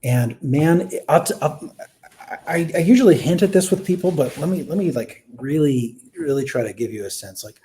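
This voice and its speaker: A man in his thirties telling a personal story in casual conversation, rambling with many fillers and restarts, swinging between quiet and animated. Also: a little high, moderate pace, a little hiss or hum.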